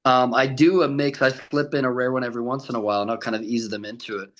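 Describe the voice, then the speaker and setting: A man's voice: mid-range voice, fairly even intonation, fast, a bit bright, rough recording. A young man, a tribute artist to a famous singer, chatting casually as a podcast guest, telling stories with frequent laughs and acting out what others said. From Colorado. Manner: chatty storyteller, laughs often, acts out other voices.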